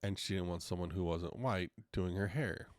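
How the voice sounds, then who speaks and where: Male podcast host, low voice, frank and salty, chatty solo storyteller. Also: normal speed, no echo, clean studio sound. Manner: frank, profane, acts out quotes in retelling.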